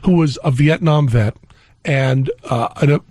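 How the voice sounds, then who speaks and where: A man's voice: medium pitch, unhurried, darkish tone, no echo. A man telling a comic anecdote on a talk radio show as a guest, laughing at his own story.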